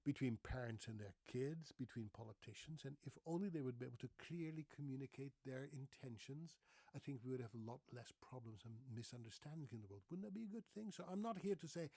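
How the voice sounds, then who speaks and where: A man from the Netherlands, explaining English in a lively, playful video lesson. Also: mid-range voice, fairly quick, no echo. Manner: animated, playful, mocks accents for fun. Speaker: English language teacher on video.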